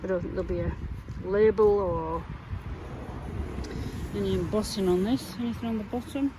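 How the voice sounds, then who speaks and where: A Yorkshire woman chatting to camera out in a muddy field, easily excited by what she finds. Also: medium pitch, normal speed, noisy background. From England. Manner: chatty, easily excited, talks to herself and viewers. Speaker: metal detecting vlogger. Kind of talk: casual talk to camera while digging.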